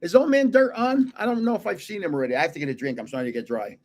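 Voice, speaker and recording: A man's voice: sits high, very fast. An older man hosting a casual livestream, chatting and chuckling as he opens and shows off trading cards and greets his viewers. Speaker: card-collecting livestream host. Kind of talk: casual livestream chat while opening cards.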